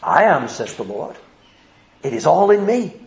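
A man's voice: high voice, sing-song, unhurried, gravelly, warm tone. A man preaching a sermon, earnest and emphatic, acting out the people he quotes. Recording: echoey room.

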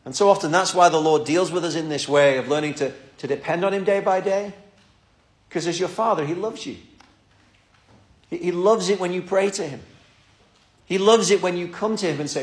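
A man's voice: high voice, moderate pace, long pauses, roomy sound. A man preaching a sermon and leading prayer, talking earnestly and often repeating words as he starts a thought.

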